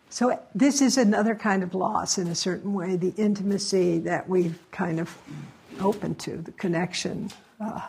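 A woman meditation teacher giving closing remarks at a retreat, speaking in a reflective, halting and gently encouraging way. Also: on the low side, gravelly, slight background noise.

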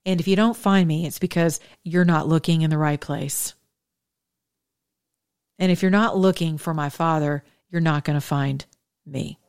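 Low-voiced woman preaching frankly. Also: steady tone, normal speed, darkish tone, smooth, dry recording, studio quality. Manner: exhorting, candid and chatty, with frank asides. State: widowed, speaking as a single woman. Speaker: host of a faith talk show. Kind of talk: preachy monologue to women listeners.

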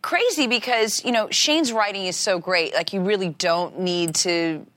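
A woman's voice: medium pitch, moderate pace, no room sound. A middle-aged woman from Iowa, an actress telling stories in a casual interview, full of fillers and restarts. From Iowa, USA. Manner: animated storyteller, many fillers and restarts. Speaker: actress guest.

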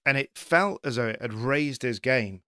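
A man's voice: medium pitch, normal speed, no echo, studio quality. A man chatting as a rally journalist, telling stories with energy and arguing back firmly. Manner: animated storyteller, argues back firmly. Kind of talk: casual chat.

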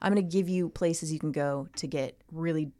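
A woman's voice: deep voice, moderate pace, dark tone, dry recording, studio quality. A woman co-hosting a podcast, telling a story in casual chat with lots of asides. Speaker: podcast co-host.

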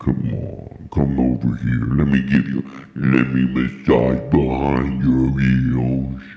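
A man's voice: a bass voice, level tone, takes it slowly, vocal fry, roomy sound, muffled recording, over music, voice pushed down, full character voice. A man voicing a man who coos baby talk at a cat in a sing-song, repetitive way. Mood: cooing.

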